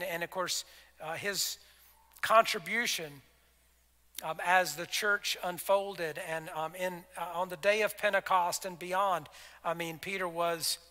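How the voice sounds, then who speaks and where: A male pastor preaching a conversational sermon with a high, very bright voice. He acts out the scripture dialogue and sometimes drops to soft, intimate tones. His voice rings with the long reverb of a large hall.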